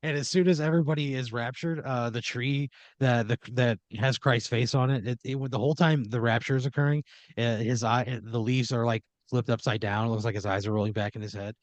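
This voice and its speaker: A man's voice: medium pitch, fairly even intonation, fairly quick, no echo. Man improvising horror comedy, dry sound. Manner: second-person narration with frequent "like" fillers. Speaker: podcast host, storyteller.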